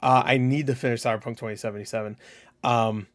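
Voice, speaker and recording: A man's voice: medium pitch, steady tone, quick pace. A young man hosting a casual solo video of gaming predictions, rambling loosely with many fillers and casual swearing. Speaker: gaming channel host.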